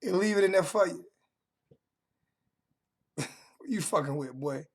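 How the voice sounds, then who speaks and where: Young male livestream host, raspy fry in a high voice, combative, repeats himself for emphasis. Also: measured pace. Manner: confrontational, trash-talking chat members. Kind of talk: heated livestream rant. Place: home.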